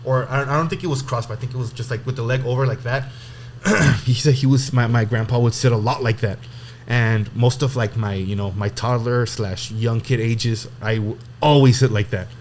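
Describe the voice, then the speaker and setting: A man's voice: medium pitch, moderate pace, a little mellow. A young man tells a long personal story in loose, casual talk. He rambles, restarts his sentences and swears freely. A faint noise sits behind his voice. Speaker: podcast guest telling a story.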